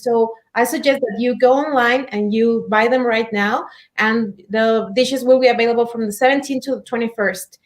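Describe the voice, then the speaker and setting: A woman, a commercial director, chatting in a friendly way about restaurant offers and laughing easily. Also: high-pitched. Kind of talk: casual promotional chat.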